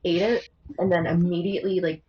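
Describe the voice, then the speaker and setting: A young woman playing a tabletop game, deadpan and teasing. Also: fairly low pitch, a little fast, dull audio. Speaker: player. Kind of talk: casual tabletop play.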